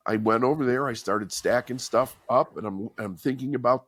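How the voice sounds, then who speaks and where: A man's voice: mid-range voice, moderate pace, hardly any pauses, a bit bright, no echo, clean studio sound. A middle-aged man, a podcast guest, telling his life story in an earnest, candid, conversational way. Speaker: podcast guest, author and speaker. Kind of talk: personal storytelling in an interview.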